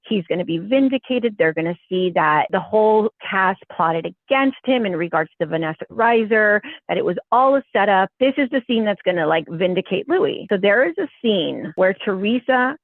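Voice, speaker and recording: Brief: woman phone-in guest, animated gossip teller, swears freely, tinny dry line. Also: medium pitch, moderate pace, few pauses, no room sound. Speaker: podcast guest, gossip source. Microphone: telephone.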